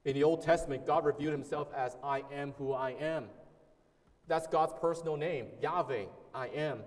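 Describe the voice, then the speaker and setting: A man's voice: on the high side, moderate pace, in a large hall. A man preaching a sermon as a pastor, earnest and emphatic, repeating key words and sometimes restarting phrases.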